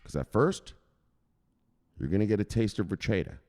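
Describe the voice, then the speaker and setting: A man's voice: lowish voice, expressive, normal speed, darkish tone, long reverb tail. A man hosting a crypto news channel, rambling and joking with plenty of swearing. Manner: profane, rambling, jokey. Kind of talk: casual joking monologue.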